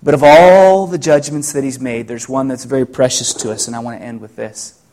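A middle-aged pastor preaching a sermon, reflective and full of rhetorical questions, with frequent restarts. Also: male voice, mid-range voice, fairly even intonation, fairly quick, darkish tone.

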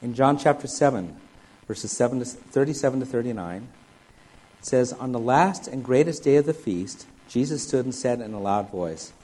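Husky-voiced man teaching a sermon. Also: mid-range voice, expressive, normal speed, dark tone, poor audio. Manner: expository, reads scripture aloud then explains it. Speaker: preacher.

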